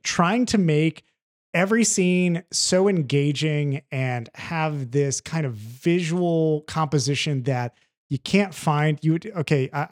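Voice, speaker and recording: A man co-hosting a film podcast in casual chat, animated and rambling, swearing freely. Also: fairly high pitch. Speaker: podcast co-host reviewing films.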